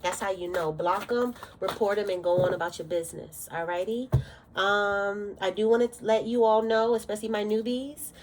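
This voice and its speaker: A woman's voice: medium pitch, steady tone, moderate pace, a little hiss or hum. A woman giving a casual tarot reading, fiery and direct, cursing freely, bothered by allergies. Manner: blunt, fiery, cursing often. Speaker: tarot reader.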